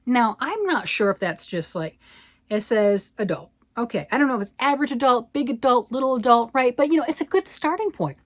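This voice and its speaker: An older woman, a grandmother, chats casually about yarn and knitting on her vlog, rambling along and often asking "right?". Her voice sits a little high, with lively intonation and a brisk pace. The recording is dry and studio quality.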